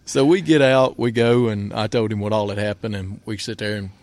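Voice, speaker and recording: A man's voice: on the low side, steady tone, a little fast, darkish tone, no echo. A man telling a hunting trip story in a casual, folksy way, often laughing and repeating himself.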